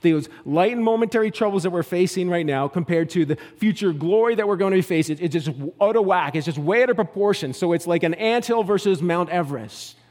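A man preaching a sermon, moving from loud declarations to soft, hushed passages and acting out the scenes he tells. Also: high-pitched, fairly quick, hardly any pauses, long reverb tail. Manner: acts out the scenes he tells, with repeated words and restarts. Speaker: pastor.

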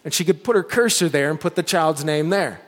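A male pastor preaching a Christmas sermon, telling a story with lively build-ups and slowing into soft, earnest appeals. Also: a little high, big-room sound.

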